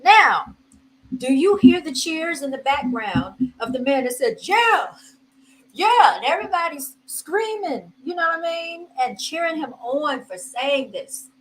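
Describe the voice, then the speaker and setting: A woman's voice: high voice, lively intonation, a little slow, slight background noise, poor audio. A woman hosting a casual commentary vlog, chatty and laughing, talking straight to her viewers. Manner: chatty, addresses viewers as y'all, laughs often. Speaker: host commenting on video clips.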